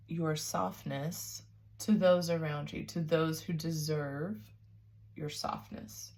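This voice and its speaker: A woman giving a spiritual tarot reading, talking softly and warmly to the listener, calling them babes and sounding emotional and teary. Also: low-pitched. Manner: soft, nurturing, calls listener babes. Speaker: tarot reader.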